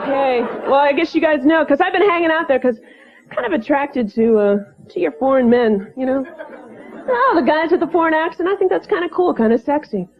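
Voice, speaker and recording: A woman's voice: sits high, animated, a little fast. A woman with an Ohio accent doing chatty, self-mocking stand-up comedy on a club stage. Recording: muffled club recording with loud crowd.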